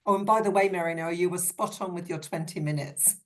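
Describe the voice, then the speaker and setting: A woman's voice: fairly low pitch, fairly quick. A woman chairing a virtual symposium session over a video call, upbeat and encouraging as she thanks the speaker and introduces the next one.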